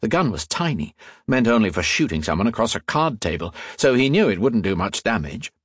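Male audiobook narrator, husky, lively, dramatic, dry booth sound. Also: lowish voice, fairly quick, no room sound.

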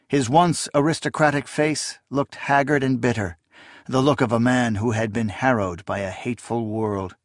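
A man narrating a dark fantasy audiobook in a measured storytelling voice. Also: mid-range voice, no room sound, studio quality.

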